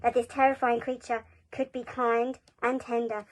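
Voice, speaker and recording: A woman reading a children's story aloud, gentle and expressive. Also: a little high, normal speed, poor audio. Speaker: school reader.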